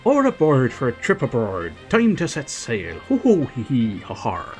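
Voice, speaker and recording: A man voicing a jolly, gruff pirate captain in a video game, with a growly drawl and hearty laughs. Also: medium pitch, wildly swooping pitch, measured pace, faint music behind.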